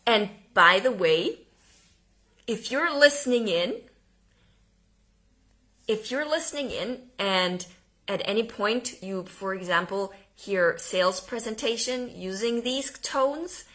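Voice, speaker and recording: A woman coaching on voice and tone in a live online workshop, informal and quick to laugh at herself, swinging between loud demonstrations and hushed, paused delivery. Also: medium pitch, animated. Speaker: communication coach.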